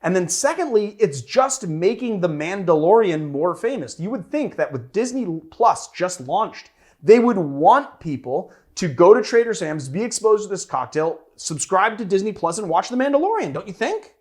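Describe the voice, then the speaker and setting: A man's voice: high voice, big pitch swings, normal speed. A man hosting a cocktail show in casual chat, playfully teasing his co-host.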